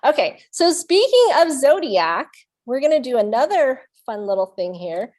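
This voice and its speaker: A woman's voice: sits high, sing-song, moderate pace, a little mellow. A woman leading a children's storytime, reading aloud and playfully making animal sounds with the kids. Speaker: children's librarian.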